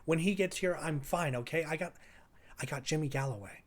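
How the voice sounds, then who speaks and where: A man's voice: a little high, fairly quick, natural voice. A man voicing a young male mobster under arrest who swears, insists and talks defensively in a tabletop game.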